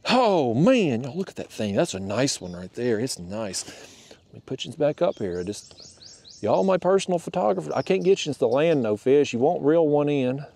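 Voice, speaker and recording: A man, chatting to his viewers in a folksy, excitable way while fishing from a small boat. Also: mid-range voice, moderate pace, vocal fry. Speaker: fishing vlogger. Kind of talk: casual narration while fishing.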